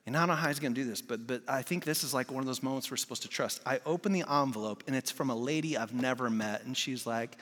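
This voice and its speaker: Brief: forties male preacher, bright forceful tone, dramatic story-driven delivery in a big reverberant church. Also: medium pitch, fast, few pauses. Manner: passionate storytelling, swings from loud to hushed. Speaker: guest preacher. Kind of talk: sermon.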